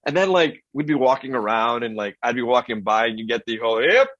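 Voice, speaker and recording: A man hosting a podcast, chatting casually and telling lively stories, acting out other people's lines. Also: medium pitch, fast talker, a crowd in the background. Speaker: podcast host. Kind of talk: casual storytelling chat. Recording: dull, dry-sounding audio.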